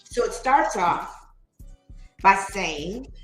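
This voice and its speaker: Woman host, casual livestream reader, chatty and quick to laugh, roomy echo on the voice. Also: mid-range voice, fairly bright tone, faint music behind. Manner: chatty, laughs often, reads poetry slowly. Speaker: livestream host reading aloud. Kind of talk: casual livestream reading and chat.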